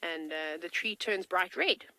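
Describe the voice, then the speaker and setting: A woman's voice: lowish voice, animated, a little slow, pushed and bright, dry recording, rough recording. A woman safari field guide giving chatty, enthusiastic live commentary from a game-drive vehicle, with a tickle in her throat. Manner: chatty and enthusiastic, talks to kids.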